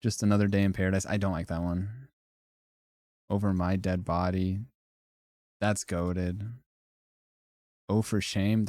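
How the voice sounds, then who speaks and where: A man's voice: sits low, mellow, dry recording. A man streaming live, ranking things in casual, profane, joking commentary and laughing often.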